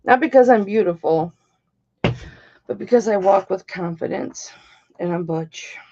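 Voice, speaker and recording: A middle-aged woman hosts a live-stream jewelry sale, talking slowly and easily. She is chatty and bawdy and greets her viewers by name. Her voice comes through slightly muffled, lo-fi stream audio. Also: mid-range voice, a little mellow. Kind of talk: live-stream auction chat.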